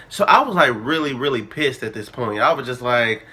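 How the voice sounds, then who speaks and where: A man's voice: on the high side, fairly quick, hardly any pauses. A young man, telling a personal story casually and acting out the dialogue with drama. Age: early 20s. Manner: animated, dramatic retelling with quoted dialogue. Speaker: vlogger.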